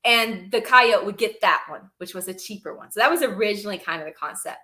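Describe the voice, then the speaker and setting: A woman's voice: mid-range voice, expressive, fast, pushed and bright. A young woman on a podcast, telling stories animatedly and laughing often between sentences. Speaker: podcast guest, reptile breeder. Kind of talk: casual storytelling chat.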